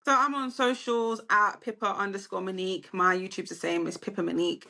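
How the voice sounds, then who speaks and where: A woman's voice: medium pitch, steady tone, fairly quick, creaky, bright, forceful tone. An English woman, a guest on a casual football chat, talking in an upbeat, laughing way.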